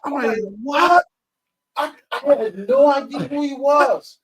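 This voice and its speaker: A man, a podcast guest telling a story with animated energy and acting out the lines he quotes. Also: very high-pitched, moderate pace, rough recording. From Mississippi. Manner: repeats and acts out his own quoted lines.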